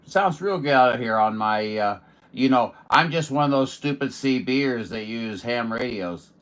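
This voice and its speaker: A man's voice: medium pitch, animated, measured pace, a bit bright. Folksy joking radio operator man. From Missouri. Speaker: radio operator streaming contacts. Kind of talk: casual ham radio chat.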